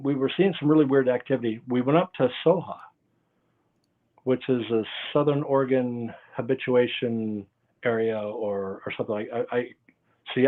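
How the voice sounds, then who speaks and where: Man, interview guest, rambling storyteller, tinny phone-like sound, video call. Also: mid-range voice. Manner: rambling, loses his train of thought.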